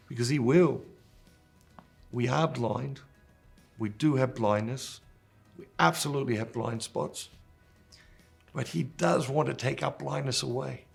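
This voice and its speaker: A man's voice: mid-range voice, a little slow, vocal fry, pauses often, husky, soft background music. A middle-aged man hosting a Catholic gospel reflection, reading scripture and then talking it over in an earnest, conversational way. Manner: earnest, conversational, with fillers and restarts.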